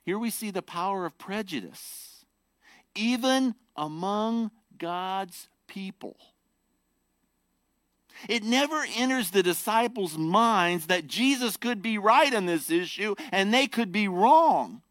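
Male pastor, emphatic sermon delivery, lively pitch swings, dry close sound. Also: takes it slowly, dry recording. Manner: animated, emphatic preaching.

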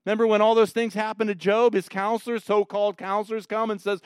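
A male pastor preaches with a high, light voice, pressing his points hard and swinging between hushed passages and loud rising ones. The sound is close and dry, with no room around it. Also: flat delivery, fast, smooth, no room sound. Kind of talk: sermon.

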